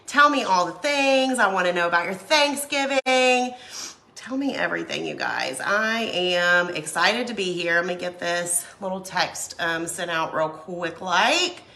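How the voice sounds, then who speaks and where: A woman, hoarse from a cold, chatting casually while hosting a live craft stream and greeting viewers by name. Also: fairly low pitch, a little slow, bright, forceful tone. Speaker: craft livestream host.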